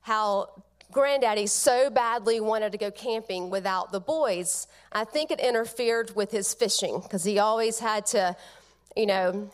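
A middle-aged woman giving a funeral eulogy, telling family stories tenderly with soft pauses. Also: mid-range voice. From Georgia, United States.

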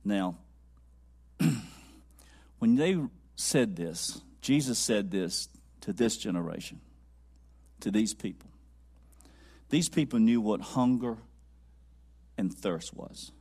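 A man preaching a sermon, swinging from loud high-pitched exclaiming to low quiet musing, repeating lines for emphasis and dropping to a near whisper. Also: lively intonation, takes it slowly, pauses often, slightly rough.

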